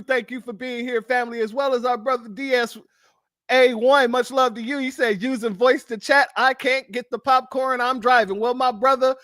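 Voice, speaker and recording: High-pitched male commentator, casual reaction host, laughs a lot, dry close sound. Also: sharp tone, no room sound. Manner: laughs often, addresses viewers as family.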